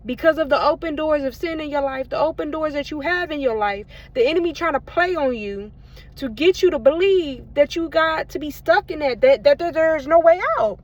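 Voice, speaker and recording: Fervent high-voiced woman giving testimony. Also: fairly quick, highs cut off. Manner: fervent, repeats phrases, addresses viewers as y'all. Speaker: faith content creator. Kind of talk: personal faith testimony to camera. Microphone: phone held in hand.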